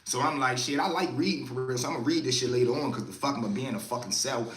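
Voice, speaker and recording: A man's voice: medium pitch, rapid-fire, reverberant. A young man telling a story to a live stream chat in a casual way, acting out other people's voices as he goes. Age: young adult. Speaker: livestream storyteller.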